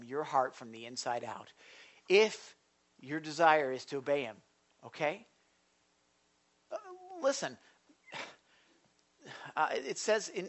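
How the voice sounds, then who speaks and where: A man preaching a sermon as pastor of a church, animated, swinging between quiet asides and loud, forceful delivery, speaking into a stage microphone in a church sanctuary. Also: a little high.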